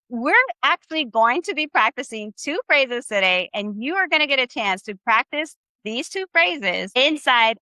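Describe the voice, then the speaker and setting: A woman's voice: a little high, pushed and bright, no room sound. A woman teaching a live online Spanish class. She coaches her audience, keeps asking them questions and drills phrases with them.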